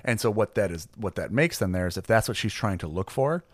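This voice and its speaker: Man, game master, low voice, rambling casual chat, dry close sound. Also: animated, a little fast, no room sound. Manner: rambling, filler-heavy, laughs easily. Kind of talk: casual tabletop planning chat.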